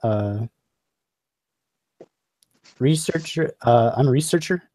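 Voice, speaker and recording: A man voicing an eccentric male researcher who recruits adventurers, speaking in hesitant, halting bursts. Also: mid-range voice, mellow, no room sound, natural voice. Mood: eager.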